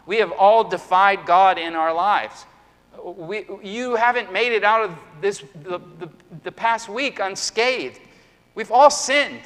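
Speaking slowly in a high, fairly bright voice, a middle-aged pastor delivers an earnest sermon packed with emphatic rhetorical questions. The sound carries a long hall reverb.

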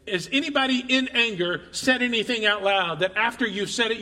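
A man preaching a sermon, reading scripture aloud and voicing its speakers with animated emphasis, asking the crowd questions. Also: sits high, normal speed, hardly any pauses. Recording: long reverb of a large hall.

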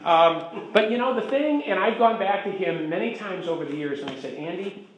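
A man's voice: sits high, expressive, fairly quick, slight background noise. A man teaching a Bible class as pastor, chatty, checking in with the group for agreement as he goes. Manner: chatty, asks the room for agreement. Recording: echoey room.

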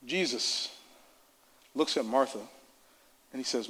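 A man's voice: mid-range voice, normal speed. A man preaching a sermon in a church service, impassioned and repetitive.

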